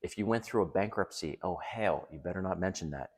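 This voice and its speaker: A man's voice: sits low, fairly quick. A middle-aged man talking straight to other men, giving blunt, emphatic dating advice in a casual monologue.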